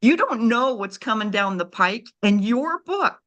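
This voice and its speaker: A woman's voice: fairly high pitch, lively intonation, unhurried, a bit bright. A middle-aged woman telling an emotional story as a guest author, heartfelt and repeating words for emphasis.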